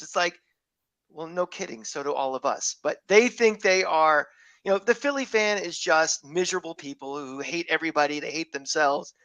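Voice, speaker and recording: A man's voice: a little high, very animated, moderate pace, bright, forceful tone, no echo, low-quality recording. A man calling in from a hotel room as a podcast guest, ranting about sports fans in an opinionated, sarcastic way. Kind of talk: casual sports podcast chat.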